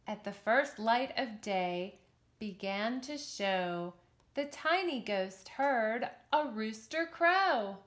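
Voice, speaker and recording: A woman teacher reading a picture book aloud to children in an expressive, sing-song, encouraging way. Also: on the high side, slow pace. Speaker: children's yoga and story teacher.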